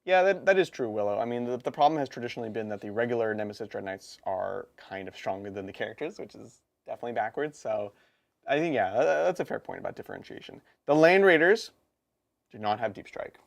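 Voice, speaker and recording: A man co-hosting a live stream, chatting casually and quickly about tabletop game rules, with laughs and quick asides. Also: medium pitch, expressive, creaky. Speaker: co-host of a tabletop gaming stream.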